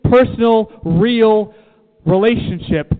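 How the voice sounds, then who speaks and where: Taking it slowly, a high-pitched man preaches to a room in a church, driving home key phrases through repetition and asking his listeners questions. The sound is thin and phone-like, with long reverb.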